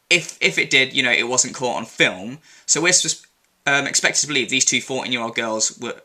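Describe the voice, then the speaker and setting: A man's voice: medium pitch, pushed and bright. A young man ranting angrily in an opinion vlog, indignant, sweary and sarcastic. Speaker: commentary vlogger. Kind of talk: angry opinion rant.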